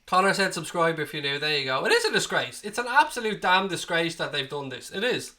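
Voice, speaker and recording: This Dublin man in his late thirties has a fairly high, sing-song voice with an Irish accent, speaking a little fast in a pushed, bright way. He's hosting a live football watchalong, talking bluntly straight to his chat and swearing freely. He sounds a bit under the weather, nursing a cold.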